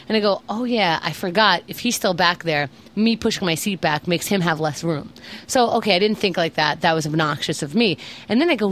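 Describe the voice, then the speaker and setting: A woman's voice: on the low side, brisk, few pauses, a bit bright, a little hiss or hum. A tired woman chatting casually, telling a travel story and quoting herself along the way. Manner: chatty, quotes herself in the story, blunt complaints. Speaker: co-host.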